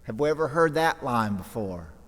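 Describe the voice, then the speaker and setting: A priest with a medium-pitched voice, lively intonation, and normal speed preaches a homily in a church with long reverb. He brings the gospel story to life dramatically, acting out its voices and quoting scripture in character.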